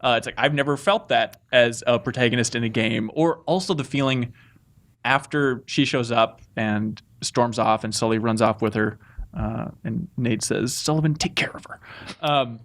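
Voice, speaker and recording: A man's voice: medium pitch, fairly even intonation, moderate pace, a bit bright. A man hosting a casual gaming podcast, reading listener mail and chatting about a game. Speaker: podcast host. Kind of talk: casual chat.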